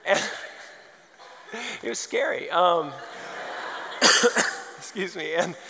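A man preaching a sermon, telling a story in a lively, rambling way and often poking fun at himself. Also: high voice, extremely slow, creaky, noisy background. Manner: animated, rambling and self-mocking. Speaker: pastor. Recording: long hall reverb.

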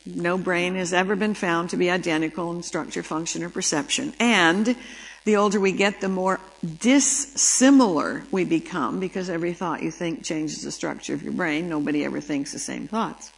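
Older female lecturer, lowish voice, animated storyteller who acts out the dialogue. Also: normal speed, gravelly, low-quality recording. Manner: lively anecdotal storytelling, acting out dialogue. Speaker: speaker giving a talk on the brain.

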